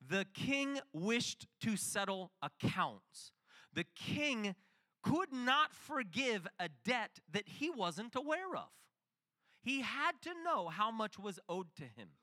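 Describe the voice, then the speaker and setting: A man's voice: very high-pitched, very animated, slow pace, sharp tone. A middle-aged man preaching a sermon, telling a story and acting out the dialogue.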